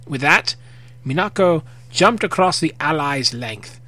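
A man's voice: fairly high pitch, animated, a little slow, pushed and bright, no room sound, soft background music. A young man reading fan fiction aloud in a casual way, breaking off for jokey asides. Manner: casual, jokey, swears freely.

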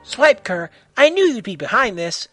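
A man's voice: very high voice, sing-song, normal speed, dry recording, soft background music, pitched above the performer's own voice, exaggerated voice. A man voicing a gritty, hot-tempered female vigilante hero who barks threats in an amateur audio story. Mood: angry. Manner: shouting, barking threats.

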